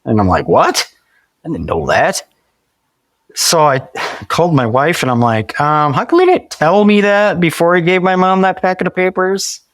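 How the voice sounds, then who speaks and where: A man's voice: fairly high pitch, expressive, normal speed, no echo. Podcast guest, male, forties; chatty storyteller, restarts a lot, animates quoted lines, dry recording. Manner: acts out quoted dialogue vividly; frequent restarts and repeated words. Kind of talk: conversational storytelling.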